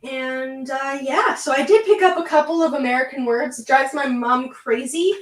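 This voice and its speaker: Giggly Canadian teen girl, roomy distant sound. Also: high voice. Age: late teens. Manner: chatty and giggly, quick with asides. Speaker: guest. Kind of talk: casual video chat.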